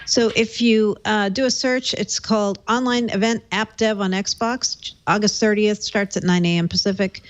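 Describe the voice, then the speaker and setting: A woman's voice: mid-range voice, fairly even intonation, moderate pace, few pauses. A woman co-hosting a tech podcast, sharing news in a casual, informative way with some fillers. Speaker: podcast co-host.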